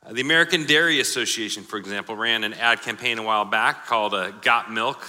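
A man's voice: fairly low pitch, fast, bright, forceful tone. A man preaching a sermon, joking and laughing at his own examples. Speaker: pastor. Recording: live sermon in a hall with long reverb.

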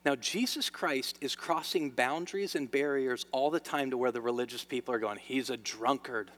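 A man preaching a sermon to his church, swinging between loud emphasis and hushed lines. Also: mid-range voice, a little fast. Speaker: pastor. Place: church sanctuary. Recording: long reverb of a large hall.

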